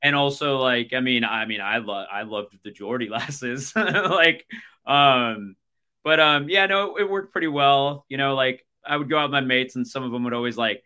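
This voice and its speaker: Bright-voiced American man telling stories. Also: medium pitch, moderate pace, clear, resonant tone. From United States. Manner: rambling storytelling full of fillers. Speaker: podcast host. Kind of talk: casual chat.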